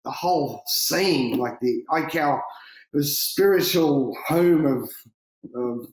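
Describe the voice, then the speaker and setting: A man, a big-wave surfer, telling stories in a casual interview, lively and swearing freely, laughing and acting out what people said. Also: fairly high pitch, takes it slowly. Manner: animated, swearing, laughing, acts out quotes. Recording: roomy echo.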